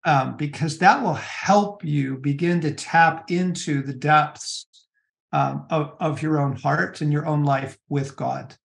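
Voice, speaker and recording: A middle-aged man, an author giving an interview guest's earnest advice, talking in halting bursts with frequent restarts and fillers. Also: fairly high pitch, gravelly. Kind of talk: conversational interview on spiritual practice.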